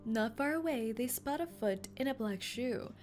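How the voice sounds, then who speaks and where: Soft music plays in the background as a young woman streams a story game, reading the text aloud at normal speed in a slightly high voice. Between lines she gasps, cracks jokes, and laughs a lot, staying excitable and playful throughout.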